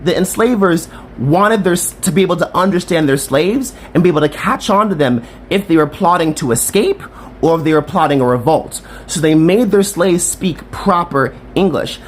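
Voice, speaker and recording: A speaker from Virginia lectures straight to camera, steady and firm, and presses the point with rhetorical questions. The pitch moves a lot, rising and falling through each sentence. A faint noise sits under the voice. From Virginia, USA. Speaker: commentator. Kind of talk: explanatory talk to camera.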